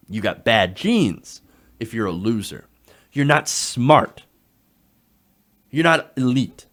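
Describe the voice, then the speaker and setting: Animated sarcastic male political commentator. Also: on the high side, measured pace, pauses often. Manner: sarcastic, animated, drops into mocking quotes.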